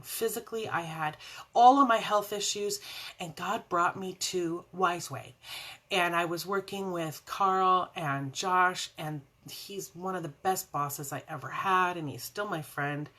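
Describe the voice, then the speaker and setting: A woman hosting a casual faith vlog from home, chatting warmly and rambling into tangents with frequent laughs. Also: lowish voice, moderate pace. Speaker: faith vlogger and show host. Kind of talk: casual devotional chat to camera.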